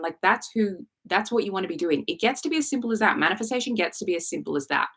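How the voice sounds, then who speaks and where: A woman's voice: mid-range voice, lively intonation, quick pace, few pauses, a bit bright, slightly rough. A woman coaching on a live stream, talking bluntly and sassily, swearing freely and acting out quoted inner thoughts. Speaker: manifestation coach.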